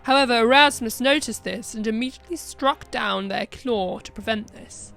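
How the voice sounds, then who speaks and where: A woman narrating a short fan story aloud in plain, steady narration. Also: a little high, normal speed, gravelly, faint music behind.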